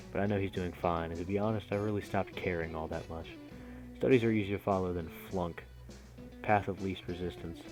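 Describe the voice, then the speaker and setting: Deep-voiced man reading a visual novel aloud. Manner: casual, reacting to the text mid-reading. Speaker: gaming streamer.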